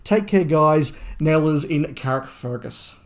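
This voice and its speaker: Chatty higher-voiced man. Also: expressive, unhurried. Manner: chatty, self-deprecating, stumbling restarts. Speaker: podcast co-host. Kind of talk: casual podcast chat.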